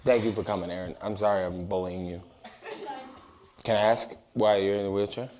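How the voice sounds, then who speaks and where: A man doing crowd-work stand-up on a comedy club stage, brash and teasing, with loud bursts and mock apologies. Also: on the low side, fairly even intonation, a little fast, very noisy. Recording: live club recording, audience laughter.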